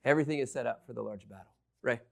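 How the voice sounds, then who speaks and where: A man teaching a Bible lesson, excitable, swinging between loud emphasis and hushed asides. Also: mid-range voice, very fast, creaky.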